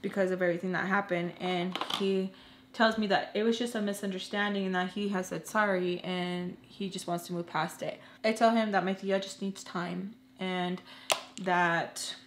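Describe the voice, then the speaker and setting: A woman in her twenties tells a personal story to her viewers in a casual, earnest way. She stops and restarts often and fills her pauses with "like". The room sounds roomy, with a faint hum underneath. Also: fairly low pitch, fairly bright tone. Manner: halting, full of "like" and restarts; earnest and emotional. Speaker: storytelling vlogger.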